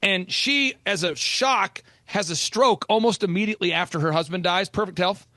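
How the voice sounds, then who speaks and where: A middle-aged Oklahoma man hosts a podcast and tells a personal story with real energy, acting out the voices of the people he quotes. He speaks at a normal pace in a high, pushed, bright voice, recorded in studio quality with no echo.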